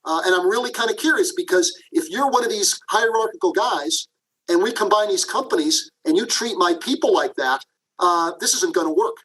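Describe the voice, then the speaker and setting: Middle-aged man, high-pitched, animated interview guest who acts out his anecdotes. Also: brisk, rough recording. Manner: animated, acts out quotes, frequent "okay?" asides. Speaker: guest, leadership professor. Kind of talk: podcast interview, storytelling.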